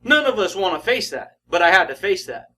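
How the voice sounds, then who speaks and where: A man's voice: high-pitched, very animated, a little fast, pushed and bright. A man giving a casual motivational talk, slangy and emphatic, often laughing and calling the listener buddy and baby. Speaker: motivational speaker.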